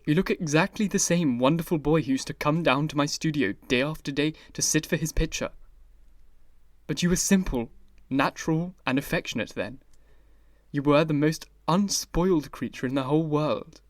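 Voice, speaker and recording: A man's voice: fairly high pitch, normal speed, dry recording, studio quality, lightly acted. A man reading the part of an earnest older painter in an audiobook, grave and pleading. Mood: pained. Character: grave, anguished male painter friend.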